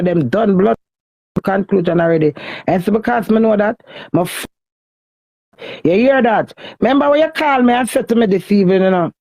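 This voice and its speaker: A woman's voice: medium pitch, dark tone, dry recording, poor audio. A woman with a Jamaican Patois accent, venting in an emotional social media rant, pleading and repetitive as she swings between cussing and begging.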